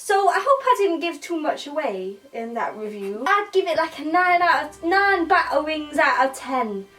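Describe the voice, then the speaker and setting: A woman's voice: sits high, animated, normal speed, a bit bright, rough recording. A woman doing a rambling, slangy comic film review.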